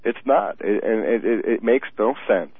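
A man chats about politics with lively swings in pitch, tripping over restarts as he gets worked up. His voice is husky. It comes through a thin phone line with no room sound. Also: moderate pace. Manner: animated, restarts often, laughs mid-sentence. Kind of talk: casual political talk.

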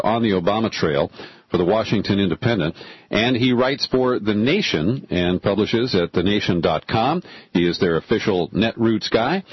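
Husky-voiced male radio talk host. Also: medium pitch, no echo. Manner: opinionated, sarcastic, lively delivery. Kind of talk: radio talk show monologue. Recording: dull lo-fi radio broadcast.

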